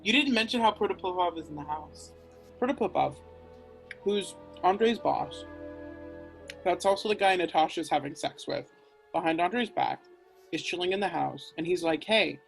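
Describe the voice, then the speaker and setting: A woman's voice: on the low side, moderate pace, creaky, long pauses, low-quality recording. A young woman, tipsy, recaps a play's plot in a chatty, matter-of-fact way. Faint music plays behind her. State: drunk. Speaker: drunk narrator. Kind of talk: tipsy comic retelling of a play.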